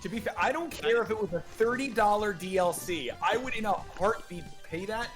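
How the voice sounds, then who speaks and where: Joking high-voiced man. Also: music in the background. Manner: goofy, joking, bursts of fast talk. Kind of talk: casual group chat.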